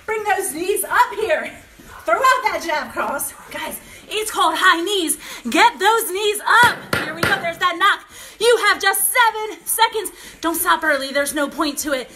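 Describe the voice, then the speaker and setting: A woman's voice: very high voice, pushed and bright, echoey room, a little hiss or hum. A woman instructor coaching a home kickboxing workout, calling out combos in an upbeat, encouraging way, getting out of breath. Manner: calls out combos, upbeat and encouraging, laughs often. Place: home workout space, dogs barking nearby.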